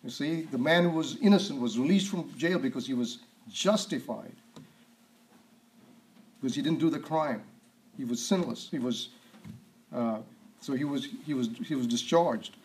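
A man preaching a sermon, stressing and repeating key words and often clearing his throat. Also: medium pitch, moderate pace, long pauses, darkish tone, poor audio.

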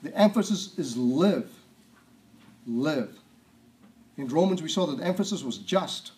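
Guy giving a sermon, kinda high voice, keeps clearing his throat between verses. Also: expressive, fairly quick, darkish tone. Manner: reads scripture aloud, asks rhetorical questions, clears throat often. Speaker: preacher.

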